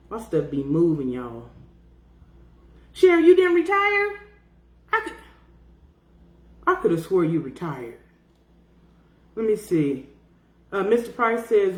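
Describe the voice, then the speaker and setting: A woman's voice: medium pitch, reverberant. A woman in her fifties hosting a casual live chat, reading out viewer comments in a blunt, profane way and laughing often. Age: 50s. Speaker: podcast host.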